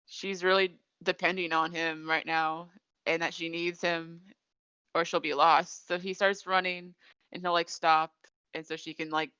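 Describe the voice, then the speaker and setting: A woman's voice: on the low side, level tone, a little slow, bright, forceful tone, clean tone, no room sound, lo-fi sound. A woman podcast host in casual chat, recapping an episode in a rambling storytelling way with lots of fillers. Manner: chatty storytelling with many fillers.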